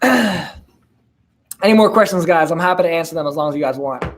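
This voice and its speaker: A man's voice: a little high, lively intonation, moderate pace, slight background noise. A man in his twenties hosting a casual live-stream Q&A, laid-back and slangy, with lots of fillers and laughs. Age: 20s. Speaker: host answering viewer questions.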